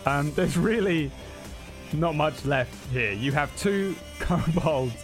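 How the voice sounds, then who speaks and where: A man's voice: on the high side, expressive, slow. A man narrating a tabletop game as game master, casual and chatty. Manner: casual, laughs often, filler words. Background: background music.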